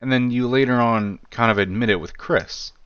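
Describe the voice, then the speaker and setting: A man's voice: medium pitch, moderate pace, a bit bright, clean tone, dry recording, muffled recording. A man giving casual commentary on chat logs, rambling with lots of "you know" and "like" and wry asides. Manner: wry, self-deprecating asides. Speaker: true-crime commentary creator.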